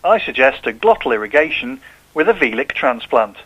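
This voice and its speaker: A man reading out a viewer's complaint in a deadpan mock-medical manner. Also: mid-range voice, moderate pace, breathy edge, highs cut off.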